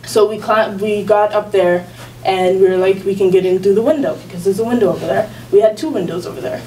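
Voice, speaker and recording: A woman's voice: medium pitch, fairly quick, mellow. A teenage girl tells a personal story at a school gathering, rambling casually and laughing as she goes. Her voice sits in the middle range. She is picked up from a distance, with a faint hum of the room behind her. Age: teens. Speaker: student storyteller. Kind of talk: personal storytelling at a live event. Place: school event space.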